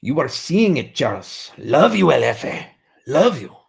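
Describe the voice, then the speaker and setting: A man's voice: medium pitch, big pitch swings, measured pace, gravelly, husky. A man hosting a casual livestream Q&A, reading viewer questions and answering in a sarcastic, joking way with frequent swearing.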